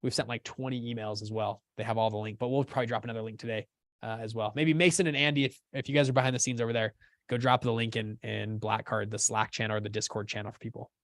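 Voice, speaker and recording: A man's voice: fairly low pitch, fairly even intonation, fast talker, fairly bright tone, no room sound, studio quality. A man hosting a live teaching session, casual and upbeat, often checking that listeners follow along. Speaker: course host.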